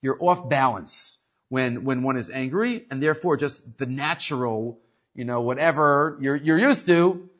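A man's voice: mid-range voice, measured pace. A man teaching a casual religious class, telling stories animatedly and often restarting his sentences. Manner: animated storyteller with frequent restarts. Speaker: Torah teacher. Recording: muffled lo-fi recording.

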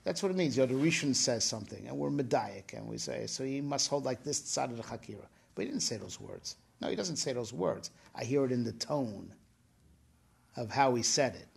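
A man's voice: medium pitch, lively intonation, brisk, vocal fry, husky. A man teaching Torah in a casual discussion, often repeating himself and checking in with "right?".

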